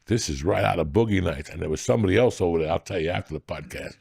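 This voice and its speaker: A man's voice: deep voice, very fast, creaky, a little mellow, husky, no echo, clean studio sound. A middle-aged man, a comedian hosting a podcast, telling raw and profane stories in casual chat.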